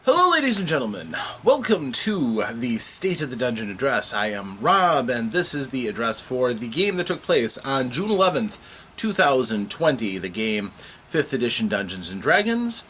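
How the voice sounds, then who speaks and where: Lively man recapping a game session. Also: mid-range voice, a little hiss or hum. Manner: animated storytelling with halting restarts.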